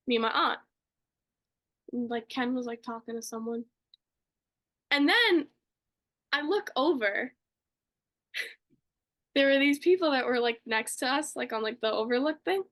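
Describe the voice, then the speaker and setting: A woman's voice: high-pitched, a bit bright. A young woman co-hosting a podcast, telling a story casually and gushing, with lots of fillers. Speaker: podcast co-host.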